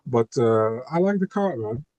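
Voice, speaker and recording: A man's voice: medium pitch, lively intonation, moderate pace, darkish tone, no echo, lo-fi sound. A laid-back man talks casually on a podcast, often circling back on his words with "you know" and "man". His voice sits in a middle range and is recorded dry and close, with no room sound. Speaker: podcast guest, MMA co-host.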